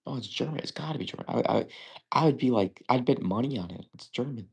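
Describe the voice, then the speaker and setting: A man's voice: mid-range voice, expressive, quick pace, vocal fry, slightly rough. A young man hosting a live trivia stream, thinking aloud in casual chat and often stammering and correcting himself.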